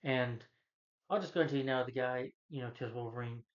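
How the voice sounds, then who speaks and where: A man recaps a movie scene by scene in a loose, rambling way, stumbling over his words and leaning on fillers. His voice sits at an ordinary middle pitch. The recording sounds a little dull and lo-fi. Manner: rambling, halting, full of "you know" and restarts. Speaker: movie reviewer. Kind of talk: casual plot retelling.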